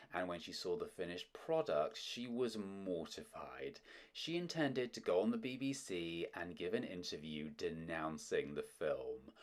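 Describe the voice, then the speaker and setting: Deep-voiced man narrating film history. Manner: wry, opinionated asides. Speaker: host of a film history channel. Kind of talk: scripted narration with asides.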